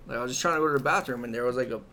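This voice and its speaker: A man's voice: medium pitch, racing, sharp tone. Profane young man from Hawaii telling stories. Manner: profane, rambling storyteller acting out quotes. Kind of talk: casual chat.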